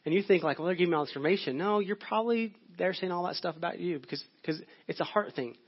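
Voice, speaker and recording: Man, pastor, sermon, conversational, repeats words, slightly high voice, dull lo-fi audio. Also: quick pace, husky. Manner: conversational, repeats words while searching for phrasing. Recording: muffled low-fidelity audio.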